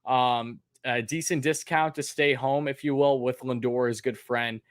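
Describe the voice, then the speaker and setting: A man hosting a live sports stream, talking casually with lots of ums and uhs and answering chat questions, and by his own account a bit monotone. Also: medium pitch, measured pace, dry recording, clean studio sound. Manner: casual, many fillers, reads chat names aloud.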